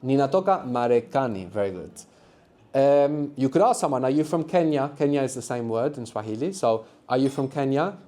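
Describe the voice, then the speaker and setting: A man's voice: mid-range voice, animated, brisk, mellow. A man teaching a live beginners' language workshop, patiently explaining and prompting students to answer.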